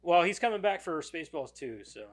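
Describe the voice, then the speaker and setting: A man's voice: fairly high pitch, sing-song, fairly quick. A man co-hosting a casual movie podcast, enthusiastic, swearing freely and repeating words as he talks. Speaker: podcast co-host.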